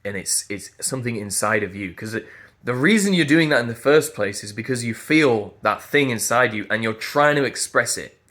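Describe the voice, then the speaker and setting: A man's voice: mid-range voice, lively intonation, moderate pace, fairly bright tone. A man, a voice teacher giving an earnest, emphatic motivational talk and repeating phrases as he thinks aloud. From Yorkshire.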